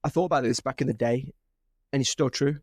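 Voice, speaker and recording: Young male host, lively and loose, dry close sound. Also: medium pitch, quick pace, dry recording. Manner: animated, swearing, laughing storyteller. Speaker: podcast host. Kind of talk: casual podcast chat.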